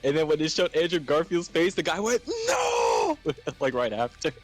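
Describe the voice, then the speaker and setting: A young man hosting a casual chat, telling stories with animated acted-out shouts and quotes. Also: on the high side, brisk. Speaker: host.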